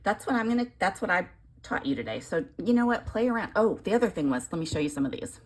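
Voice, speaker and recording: A woman's voice: mid-range voice, big pitch swings, fast. A woman chatting casually while demonstrating a papercraft technique, rambling and self-deprecating. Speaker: papercraft tutorial host.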